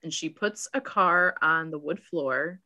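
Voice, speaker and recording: Woman co-host, lowish voice, giggly movie recap from notes. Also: unhurried, pushed and bright. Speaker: podcast co-host. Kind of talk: casual movie recap chat.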